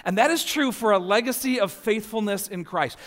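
A man's voice: sits high, brisk, fairly bright tone. A man in his forties preaching a sermon as pastor, telling family stories and letting his voice climb as they build. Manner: storytelling, voice rising in anecdotes. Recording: long hall reverb.

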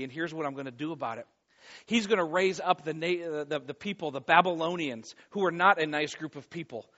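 A man preaching a sermon, pleading loudly and then dropping to a hush, often repeating words as he goes. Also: a little high. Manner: impassioned, swings from loud pleading to hushed. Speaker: pastor. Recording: dull lo-fi recording.

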